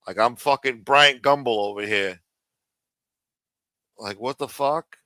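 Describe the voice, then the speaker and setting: Man ranting on his live show, swearing a lot, sarcastic, bright voice, dry sound. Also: mid-range voice, slow, no room sound. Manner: profane, animated and sarcastic. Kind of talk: profane live-stream rant.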